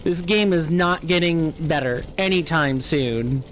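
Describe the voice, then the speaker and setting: Streaming a game live, an American man with a General American accent talks casually to viewers, thinking aloud and responding to chat. He speaks at a measured pace in a slightly high, a bit bright voice, with a little hiss or hum.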